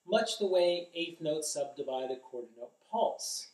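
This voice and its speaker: A man's voice: on the high side, sing-song, a little slow, few pauses, a little mellow, soft background music. A middle-aged man giving a drum lesson, explaining carefully and chanting rhythm syllables aloud. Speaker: drum instructor. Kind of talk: instructional demonstration. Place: drum studio, indoors. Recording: echoey room, distant mic.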